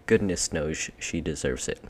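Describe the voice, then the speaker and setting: A man voicing an earnest, decent eldest boy who leads his siblings, in brisk, well-spoken schoolboy talk. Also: rumbling low.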